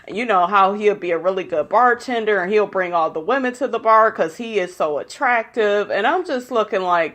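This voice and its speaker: A woman's voice: medium pitch, animated, moderate pace, hardly any pauses, fairly bright tone. Blunt, gossipy woman recapping a show. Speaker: vlogger recapping a reality show. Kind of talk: casual recap commentary.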